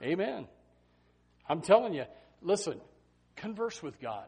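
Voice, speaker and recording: A middle-aged man preaching from the pulpit in a notably high voice. He bursts into loud, climbing shouts, then drops low and quiet for confiding asides. It is a pastor's lively sermon delivery. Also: unhurried, vocal fry, husky.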